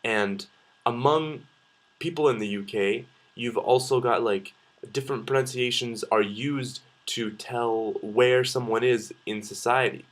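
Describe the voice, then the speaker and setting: A man's voice: mid-range voice, fairly even intonation, measured pace. A man, talking casually to camera in a video response and thinking aloud with frequent ums and uhs. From Canada. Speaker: vlogger.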